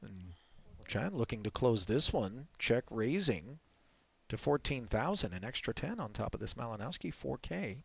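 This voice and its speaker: Animated gravelly man calling poker. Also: medium pitch, normal speed. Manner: animated storyteller, laughs through anecdotes. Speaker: poker commentator. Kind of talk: live poker commentary and storytelling.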